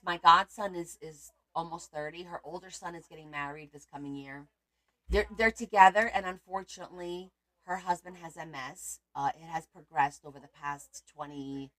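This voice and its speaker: A woman's voice: on the low side, fairly bright tone. A woman hosting a casual crafting livestream, chatting to viewers as she shows her work.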